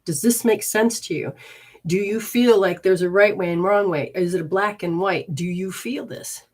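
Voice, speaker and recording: Woman healer on a live stream, calm coaxing voice, repeats herself a lot, pitch in the middle. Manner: soothing, coaxing, repetitive instructions; talks to viewers and spirits, switches fast between voices. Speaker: spiritual healer giving live readings. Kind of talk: live-stream healing session and readings.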